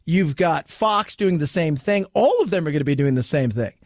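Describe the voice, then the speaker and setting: A man hosting a talk radio show, commenting in an animated, rambling way with restarts. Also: a little high, moderate pace, no echo, clean studio sound.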